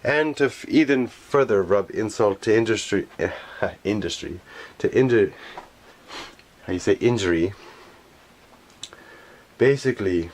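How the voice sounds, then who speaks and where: Low-voiced man on an indignant rambling rant. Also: darkish tone. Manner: indignant, repetitive, often pauses with "how you say". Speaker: garbage collector.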